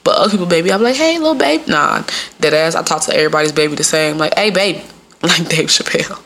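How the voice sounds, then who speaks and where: A woman's voice: low voice, fairly even intonation, quick pace, a bit bright, slight background noise. A young adult woman hosting a podcast in casual, profane talk, laughing often and mimicking people in quotes. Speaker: podcast host.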